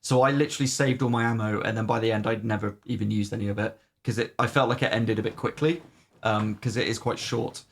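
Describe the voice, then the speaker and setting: With vocal fry and a voice on the low side, a man speaks quickly in a steady tone. As a podcast co-host, he casually reviews games, rambling with many "um"s and tossing in the odd swear.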